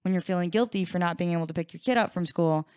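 A woman co-hosts a casual recovery workshop, leading with explanations and small acted-out scenarios. Her voice sits low and smooth, and the recording is dry and close with no room sound. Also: fast, a little mellow, no room sound. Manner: explains with frequent "right?" tags and examples; acts out an anxious inner voice in examples. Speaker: podcast co-host.

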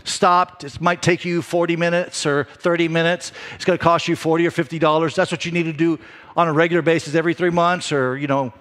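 A middle-aged man delivering a sermon, telling a personal story in a conversational, animated way with frequent restarts. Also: fairly high pitch, a little fast. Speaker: pastor.

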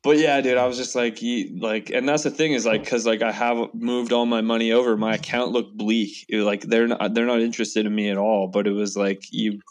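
A young man with a lowish voice tells a heated story among friends. He swears constantly and acts out every side of the argument. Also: level tone, fairly quick, few pauses, slight background noise. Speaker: storyteller in a casual chat. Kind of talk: casual chat.

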